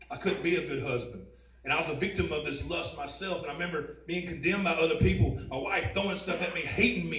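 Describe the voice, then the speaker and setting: A man's voice: fairly high pitch, a bit bright. A man giving a personal testimony at a mission, talking conversationally and repeatedly saying "man" and "you know what I mean.". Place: mission chapel, roomy hall. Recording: echoey room, voice from a distance.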